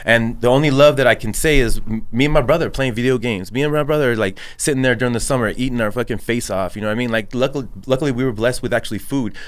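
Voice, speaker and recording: A man from El Paso talks fast and earnestly on a casual podcast, swearing often and leaning on fillers as he tells his story. His voice sits at an ordinary middle pitch for a man. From El Paso, Texas. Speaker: podcast guest, barber and business owner.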